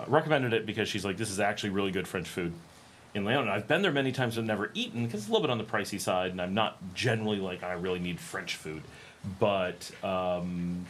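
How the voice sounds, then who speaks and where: A man's voice: lowish voice, a little hiss or hum. A middle-aged American man chatting casually on his livestream, rambling with many ums and restarts. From United States. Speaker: livestream host.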